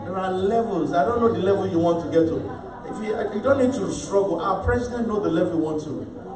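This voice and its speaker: A man preaching and leading fervent prayer in a church, at times shouting prayers in tongues. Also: high voice, fairly quick. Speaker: pastor. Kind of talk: charismatic sermon and prayer. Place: large church hall. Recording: echoey church hall from far off with music and crowd.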